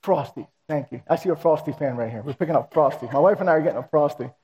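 A male pastor telling a story in a sermon, animated and acting out the dialogue. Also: fairly high pitch, quick pace, muffled recording. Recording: reverberant hall.

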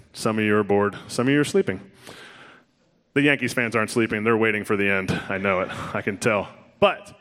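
A man in his thirties, a former ballplayer telling his career story to an audience, animated and self-mocking, acting out both sides of conversations. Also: mid-range voice. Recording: long hall reverb.

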